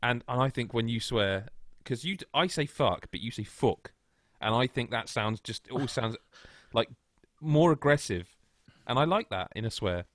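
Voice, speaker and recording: A man's voice: mid-range voice, moderate pace, fairly bright tone, dry recording, clean studio sound. A man hosting a casual gaming podcast over a video call, chatty and teasing, swearing freely. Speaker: podcast host.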